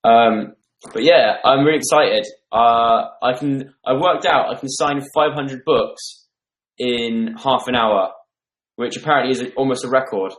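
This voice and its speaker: A twenty-something livestream host talks at a measured pace in a mid-range, slightly bright voice. Chatting and rambling from home over viewer comments, he uses a desk mic in a room that sounds spacious.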